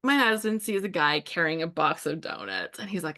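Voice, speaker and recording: A woman hosts a scrapbooking livestream, telling stories casually while she crafts, chatty and full of laughs and fillers. Her voice is lowish, brisk, bright, and forceful.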